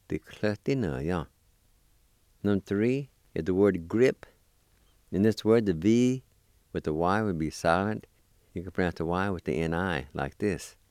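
A man with a very low, dark voice teaches vocabulary at an unhurried, careful pace. He spells each word letter by letter and repeats it. The sound is dry and close, with no room around it. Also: dry recording. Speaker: language teacher. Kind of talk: slow spelling and pronunciation lesson.

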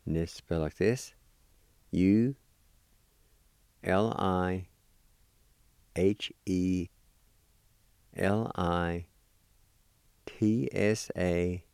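A man teaching a language lesson, spelling words letter by letter and repeating each pronunciation slowly. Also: deep voice, fairly even intonation, gravelly, darkish tone, clean tone, dry recording, studio quality.

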